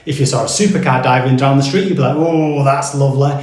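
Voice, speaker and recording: Brisk British male presenter, playful and sarcastic, recorded in a reverberant room. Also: medium pitch. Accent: British English. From Britain. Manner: playful, jokey delivery with sarcastic asides. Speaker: cultural guide presenter. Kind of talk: scripted explainer narration.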